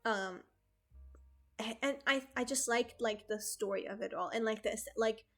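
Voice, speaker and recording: A young woman streamer from outside the United States chatting casually with her chat, rambling and excitable, swearing freely and packing her talk with fillers. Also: a little high, unhurried, soft background music.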